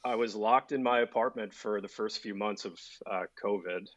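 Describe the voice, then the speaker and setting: A man's voice: on the low side, moderate pace. A man telling stories as a podcast guest, self-deprecating and hesitant. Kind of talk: casual storytelling chat. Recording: dull lo-fi sound.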